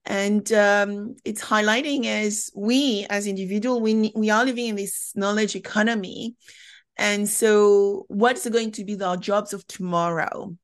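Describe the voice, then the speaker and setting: A woman with a French accent speaks as a podcast guest, spinning her answers into lively little stories. Her voice sits at an ordinary middle pitch. She talks in a warm-blooded, animated flow, with plenty of asides. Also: unhurried. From France. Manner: animated, chatty storyteller. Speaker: podcast guest, company founder. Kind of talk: conversational interview.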